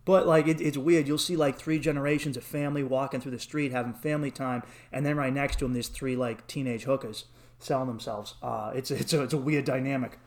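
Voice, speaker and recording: A man's voice: fairly even intonation, fairly quick. Rambling, swearing young man telling stories. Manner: rambling, swears freely, acts out quotes in a high voice. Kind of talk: casual chat, storytelling.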